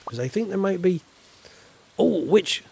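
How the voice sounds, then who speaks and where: A man's voice: high voice, expressive, unhurried, creaky, a little mellow, a little hiss or hum. A man from Yorkshire with a southern English accent, chatting playfully to his viewers while streaming a farming game. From Yorkshire, England. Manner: chatty, playful, talks straight to chat viewers. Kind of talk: casual live-stream chat while gaming.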